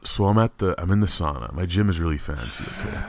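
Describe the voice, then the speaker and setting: Low, lively-voiced man telling crude stories. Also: fast, creaky, noisy background. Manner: animated, swearing, rambling storyteller. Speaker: podcast host. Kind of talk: casual comedic chat.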